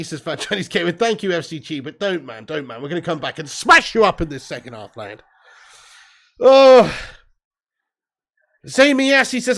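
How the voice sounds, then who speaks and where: A man hosting a live football watch-along with a voice pitched high for a man. He commentates excitably, swears freely, laughs often, and reads out viewer messages between bursts of play. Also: moderate pace. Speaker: host.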